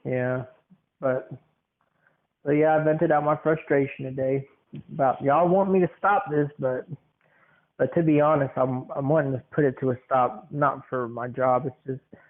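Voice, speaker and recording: A man hosts a casual podcast, and his voice comes through thin and tinny, like a phone line. He rambles loosely, repeats words, and fills pauses often. His pitch is average for a man. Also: flat delivery. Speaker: podcast host.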